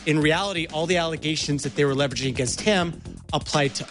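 A man's voice: fairly high pitch, fast talker, fairly bright tone, faint music behind. Sarcastic male radio co-host. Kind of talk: political talk radio chat.

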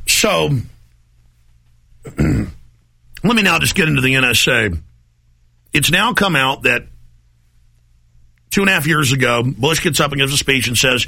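Brief: male radio host, gravelly and forceful, emphatic and rambling. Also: mid-range voice, lively intonation, measured pace, long pauses. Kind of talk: talk radio monologue.

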